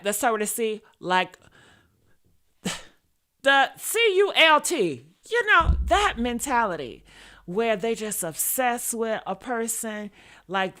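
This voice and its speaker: A woman's voice: mid-range voice, fairly bright tone. A woman hosting opinionated commentary, talking bluntly and with sass, cursing freely. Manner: blunt, sassy, profane. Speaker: host.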